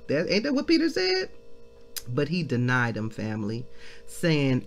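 A woman leading a devotional Bible reading. She comments excitedly as she reads and calls her listeners family. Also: very deep voice, unhurried, faint music behind. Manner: exclaiming, addresses listeners as family. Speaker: devotional leader.

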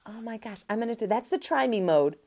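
A woman's voice: fairly high pitch, lively intonation, quick pace, mellow, a little hiss or hum. A woman hosting a toy review vlog, gushing and giggly as she shows off a horror figure.

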